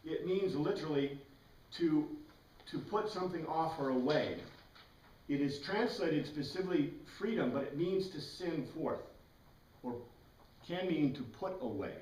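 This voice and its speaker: A man's voice: fairly high pitch, expressive, a little slow, a little mellow, a little hiss or hum. Man lecturing in a roomy classroom. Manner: explanatory, spells out words letter by letter, enthusiastic asides. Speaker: Bible class teacher. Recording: roomy echo, mic far away.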